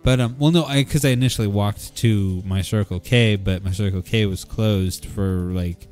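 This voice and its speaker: A man hosting a casual podcast, telling a story in an animated way and acting out what others said. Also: lowish voice, soft background music. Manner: animated, quick storyteller who acts out quotes. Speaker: podcast host.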